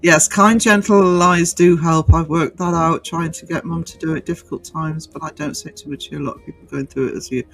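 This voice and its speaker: A man hosting a relaxed livestream, reading out comments. He talks in a fairly high voice, stopping and restarting often with plenty of ums. Faint music plays under him. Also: fairly quick, vocal fry, hardly any pauses, rough recording. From North East England. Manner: hesitant, many fillers and restarts. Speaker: livestream host. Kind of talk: casual chat reading viewer comments.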